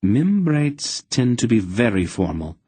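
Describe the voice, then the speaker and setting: A man voicing a calm, wise older woman who answers matter-of-factly. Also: medium pitch, unhurried, breathy edge, no echo, voice pushed up. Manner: calm, matter-of-fact, lightly dry.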